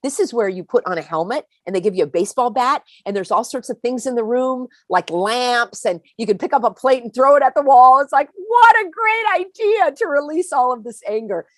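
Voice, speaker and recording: A woman's voice: high voice, brisk, few pauses, dry recording. Woman host, live-stream pep talk, emphatic, dry close sound. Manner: animated, emphatic, speaks straight to viewers.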